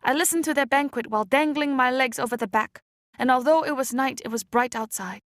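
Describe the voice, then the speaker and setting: A woman reading an audiobook chapter aloud in a measured, expressive way. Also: high-pitched, no echo, studio quality. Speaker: audiobook reader. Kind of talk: scripted narration.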